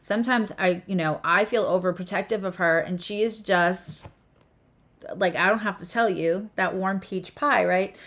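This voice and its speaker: Animated woman astrologer chatting. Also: mid-range voice, moderate pace. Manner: animated and emphatic, restarts phrases. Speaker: astrologer and tarot reader hosting a conversation. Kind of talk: casual spiritual chat.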